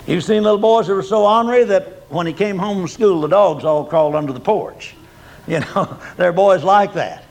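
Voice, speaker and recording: Older man, high voice, preacher, folksy sermon, loud peaks and quiet drops. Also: normal speed, poor audio. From Oklahoma.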